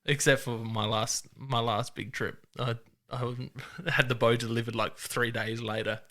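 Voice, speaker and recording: Bright-voiced Australian man telling stories. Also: medium pitch, level tone, a little slow. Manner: laid-back storytelling, swearing and acting out other people's lines. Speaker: podcast host. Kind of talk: casual chat.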